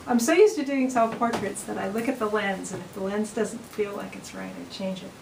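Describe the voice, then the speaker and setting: Indoors at home, a middle-aged vlogger talks casually to her camera in a creaky, mid-range voice at normal speed. She rambles, often saying um and starting over, against a noisy background.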